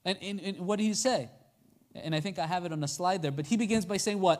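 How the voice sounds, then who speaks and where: A man's voice: high-pitched, expressive, fairly quick. A man preaching a sermon in a conversational way, often asking his listeners questions. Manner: conversational, asks the congregation questions.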